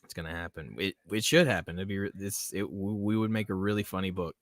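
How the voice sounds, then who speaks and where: A man's voice: low voice, fast talker, dry recording. Rambling, chuckling male podcast host. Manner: rambling, chuckling, self-interrupting. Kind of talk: casual livestream chat.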